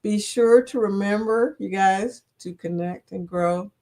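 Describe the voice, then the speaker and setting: A woman's voice: mid-range voice, unhurried, a little mellow. A woman hosting a casual livestream, chatting with her viewers and laughing often. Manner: chatty, laughs often, talks to chat as y'all. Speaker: livestream host.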